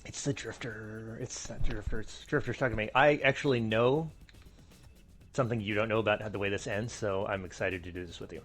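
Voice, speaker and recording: A man's voice: lowish voice, fairly even intonation, fast talker, a bit bright, soft background music. A man co-hosting a gaming stream, chatting casually with blunt jokes and casual swearing. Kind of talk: casual live-stream chat while gaming.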